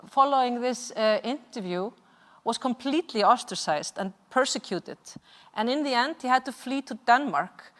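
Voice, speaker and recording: A woman with an Icelandic accent giving an impassioned seminar presentation over slides, earnest and often hesitating. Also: fairly high pitch. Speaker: seminar speaker, activist. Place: large hall at a cultural venue. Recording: long reverb of a hall.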